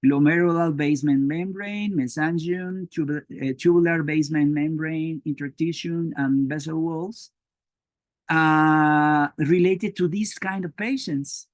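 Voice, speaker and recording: A man from Mexico whose first language is Spanish, giving an academic lecture on biochemistry in a halting way with many fillers and restarts. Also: a little high, no room sound.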